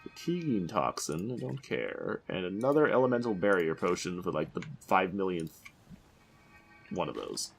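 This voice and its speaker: A man's voice: low-pitched, very animated, normal speed, vocal fry, faint music behind. A man giving exasperated, swearing let's-play commentary, rambling and restarting his sentences. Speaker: gaming commentator.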